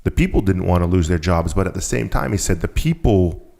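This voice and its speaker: A man's voice: deep voice, lively intonation, a little fast, creaky, a little mellow. A man talking as a podcast guest, telling a story and acting out the people he quotes. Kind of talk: storytelling conversation.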